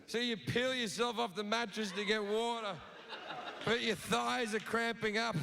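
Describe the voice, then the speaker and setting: Guy doing crude standup in a big theatre, pretty high voice, echoey hall and crowd sounds. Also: fairly even intonation, moderate pace, gravelly. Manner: crude, storytelling, acts out voices. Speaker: stand-up comedian. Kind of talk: stand-up comedy set. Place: large theatre stage. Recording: reverberant live theatre recording with audience.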